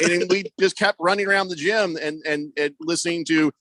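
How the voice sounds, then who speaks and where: A man in his fifties co-hosting a sports talk radio show, telling stories in a lively way and putting on voices for the people he quotes. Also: fairly high pitch, a little fast, no echo. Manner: animated storyteller, does voices of people he quotes. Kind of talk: casual sports radio banter. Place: radio studio. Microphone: close studio mic. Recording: dry close studio sound.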